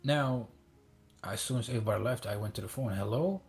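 A man from Iraq telling a childhood story in a casual chat, halting with many restarts and fillers, acting out the voices he quotes. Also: on the low side, steady tone, vocal fry, soft background music. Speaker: guest.

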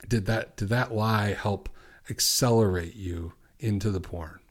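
Earnest low-voiced male coach. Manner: earnest, questioning, slows down for affirmations. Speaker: podcast host, recovery coach. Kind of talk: coaching monologue.

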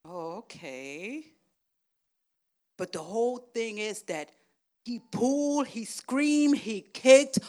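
A woman pastor preaching a lively sermon, swinging from loud, excited calls to hushed, near-whispered lines and acting out little voices. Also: on the high side, takes it slowly, long pauses.

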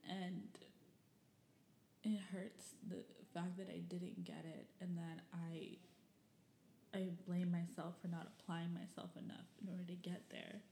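A woman's voice: lowish voice, little pitch movement, measured pace, creaky, mellow, roomy sound, slight background noise. A young woman from Michigan telling personal stories and reading old diary entries in a rambling, candid way, full of fillers and the odd curse. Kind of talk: personal storytelling.

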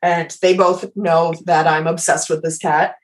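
A woman's voice: lowish voice, level tone, unhurried. A woman telling a story in casual podcast chat. She swears freely, mocks herself and laughs through it.

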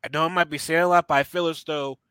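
A man's voice: a little high, quick pace, clear, resonant tone, no room sound. A man co-hosting a podcast, talking casually and animatedly about a show, laughing and acting out lines he quotes. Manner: animated, laughing, swearing, mock-quoting characters. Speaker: podcast co-host. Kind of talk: casual chat reviewing a show.

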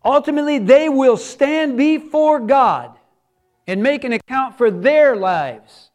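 A man's voice: very high voice, lively intonation, takes it slowly. A man who is a pastor, preaching a sermon earnestly and repeating words for emphasis.

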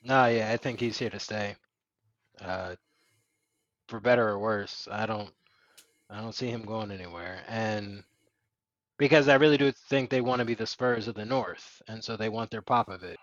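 A man's voice: on the low side, moderate pace, long pauses, fairly bright tone, no echo, lo-fi sound. A man co-hosting a casual sports podcast, speaking hesitantly with many fillers. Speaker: podcast co-host.

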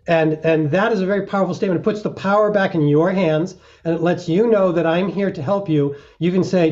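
A middle-aged man talks earnestly as an interview guest, slipping into little acted-out examples. His voice is mellow and a little high for a man, heard through a dull, lo-fi recording. The pace is steady and reflective. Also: fairly quick, hardly any pauses. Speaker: mountaineer guest.

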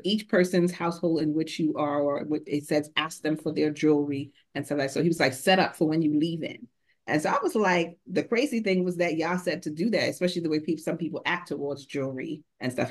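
Rambling congregation member in discussion. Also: mid-range voice. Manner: rambling, searching for words, self-correcting.

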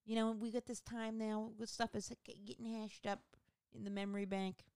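A woman's voice: mid-range voice, flat delivery, a little fast, a little mellow, clear, resonant tone, no room sound, clean studio sound. A woman comedian telling a rambling, profane story about her own life in a casual, self-mocking way.

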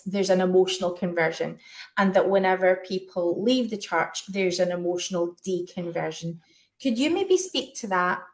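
A woman hosting a podcast, gently steering the talk and inviting her guest to explain. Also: mid-range voice. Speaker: podcast host. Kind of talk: interview questions.

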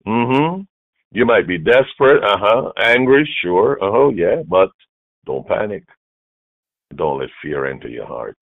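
A man preaching a sermon as bishop, emphatic, repeating key phrases and swinging from hushed to loud. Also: very deep voice, gravelly, no room sound. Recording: dry, phone-like narrow sound.

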